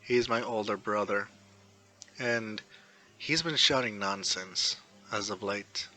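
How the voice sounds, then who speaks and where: Man voicing aloof teen boy, low flat murmur, fan story. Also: takes it slowly. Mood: deadpan.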